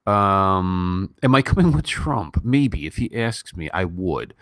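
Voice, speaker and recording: A man from Gary, Indiana, around fifty, hosting a casual live Q&A, answering viewers with sardonic deadpan jokes and frequent ums. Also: low-pitched, slow pace, no echo, clean studio sound. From Gary, Indiana, United States. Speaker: livestream host answering viewer questions.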